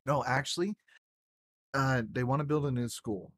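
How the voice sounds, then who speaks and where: A man's voice: medium pitch, steady tone, moderate pace, fairly bright tone, dry recording, clean studio sound. A young man in casual chat, rambling through a story with lots of fillers and swearing. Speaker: gaming group member telling a story.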